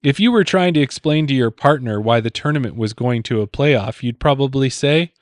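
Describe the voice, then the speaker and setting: A man's voice: mid-range voice, animated, brisk, no room sound, clean studio sound. Playful, sing-song podcast quizmaster man. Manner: teasing, repeats clues, laughs at his own puns. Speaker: podcast host reading pun clues. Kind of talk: playful podcast quiz banter.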